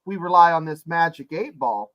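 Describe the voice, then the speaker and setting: Man, podcast guest, joking storyteller, slightly high voice, muffled lo-fi sound. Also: expressive, moderate pace. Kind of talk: casual chat.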